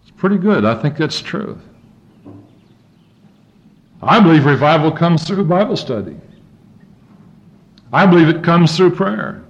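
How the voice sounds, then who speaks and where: A man preaching a sermon, reading scripture aloud and swinging his pitch and volume up and down as he goes. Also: very animated, a little slow, pauses often. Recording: dull lo-fi recording.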